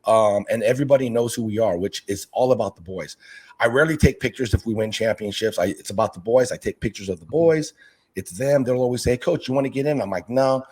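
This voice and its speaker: A man's voice: lowish voice, brisk, husky. A man who coaches youth basketball, chatting in an interview and acting out the people he quotes. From Northern California. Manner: animated storyteller, acts out quoted voices. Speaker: youth basketball coach and aquarium channel creator. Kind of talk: casual interview talk.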